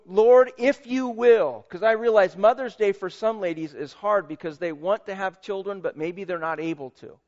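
A man's voice: sits high, a little mellow, dull audio. A man preaching a sermon as pastor, emphatic and conversational, with asides to the congregation.

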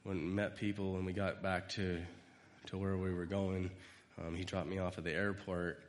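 A man's voice: low-pitched, little pitch movement, moderate pace, big-room sound, a little hiss or hum. A man giving an informal sermon, rambling through personal stories and acting out quoted lines. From United States. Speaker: speaker giving a devotional talk.

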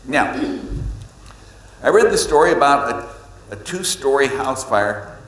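Animated preacher in an echoey hall. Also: male voice, slow pace. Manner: animated storytelling, pitch leaps on emphasis. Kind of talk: sermon. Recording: echoey hall with long reverb.

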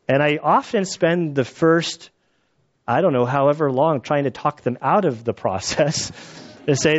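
A man's voice: on the high side, animated, a little slow, highs cut off. A man giving a casual Bible teaching, conversational and acting out quotes with the odd laugh.

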